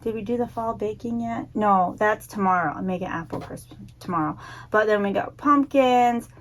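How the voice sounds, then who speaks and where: A woman's voice: mid-range voice, moderate pace, slight background noise. A woman in her thirties co-hosting a casual podcast, teasing her partner, laughing often and listing things as she recalls them. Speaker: podcast co-host. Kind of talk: casual chat.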